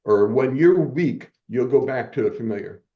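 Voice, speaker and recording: A man's voice: mid-range voice, expressive, normal speed, narrow, tinny audio. A man in his seventies telling personal stories as a podcast guest, motivational and acting out quoted dialogue. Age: 70s. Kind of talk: personal storytelling in a podcast interview.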